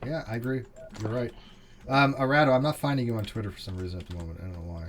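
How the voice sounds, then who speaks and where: A man's voice: mid-range voice, racing, a little hiss or hum. A man hosting a casual online hangout, joking and swearing freely with his guests. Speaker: stream host. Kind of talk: casual group chat.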